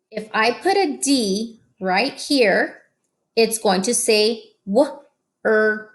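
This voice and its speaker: A woman teaching a phonics lesson to children, slow and patient, stretching out each sound. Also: medium pitch.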